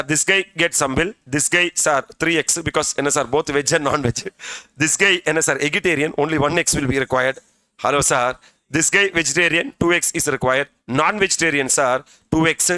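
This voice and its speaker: In a fairly high, bright, forceful voice at a moderate pace, a middle-aged CA exam coach delivers a chatty classroom lecture built around story examples. With no room sound, he's heard often asking "are you with me" and frequently using "sir."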